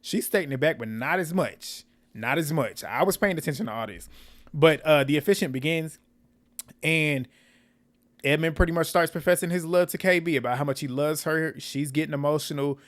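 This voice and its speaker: A man's voice: fairly high pitch, moderate pace. A man recapping a reality dating show in casual, blunt commentary, swearing and laughing often.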